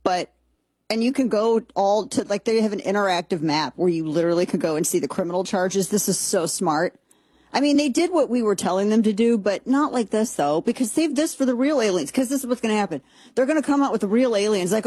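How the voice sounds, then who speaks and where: Sarcastic lady ranting on her show, husky voice, gets all squealy and excited, dry close mic. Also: medium pitch, brisk, no echo. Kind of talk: casual comedic commentary.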